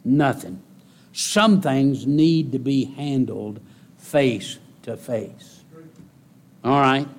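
A man preaching a sermon in a folksy way, repeating key phrases and rising into loud exhortation. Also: extremely slow, long pauses. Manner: rises to loud, high-pitched exhortation. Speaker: pastor.

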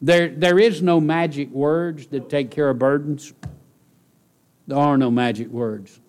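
A man's voice: fairly high pitch, fairly even intonation, unhurried, a little mellow. A man preaching a sermon, earnest and conversational, rising to emphatic, raised passages. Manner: conversational asides, direct questions to the congregation.

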